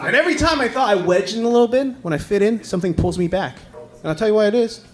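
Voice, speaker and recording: Animated comedian, Mandarin native, high lively voice. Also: male voice, very fast, a crowd in the background. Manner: animated, shouts punchlines, acts out others' voices. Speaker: stand-up comedian. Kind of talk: stand-up comedy set. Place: comedy club stage. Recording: live club recording, roomy, loud audience laughter.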